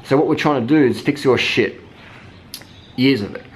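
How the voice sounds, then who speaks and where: A man's voice: medium pitch, moderate pace, slight background noise. A man ranting heatedly, swearing constantly and mimicking people in mocking voices. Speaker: vlogger. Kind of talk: profane rant.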